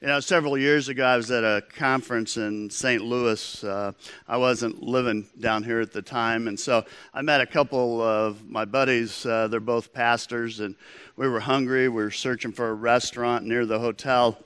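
A man's voice: medium pitch, steady tone, moderate pace, a bit bright, clean tone, dry recording. A man preaching a sermon as pastor, in a conversational storytelling manner.

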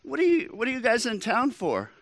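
A man voicing a pushy, upbeat restaurant waiter who talks loudly and eagerly like a salesman. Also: extremely high pitch, wildly swooping pitch, brisk, voice pushed up, full character voice. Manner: loud, eager salesman patter.

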